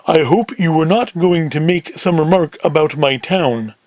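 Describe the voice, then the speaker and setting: A man voicing a big, menacing male gangster from Chicago, who talks in a slow, terse and demanding way in a cold-read of a script. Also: a little high, a little mellow, no room sound, natural voice.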